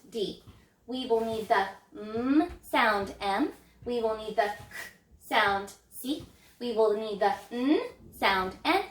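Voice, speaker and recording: A woman teacher walks young children through letter sounds in a bright, encouraging, sing-song voice. Her pitch sits a little high, and the room gives her words a noticeable echo. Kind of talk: early reading lesson for children.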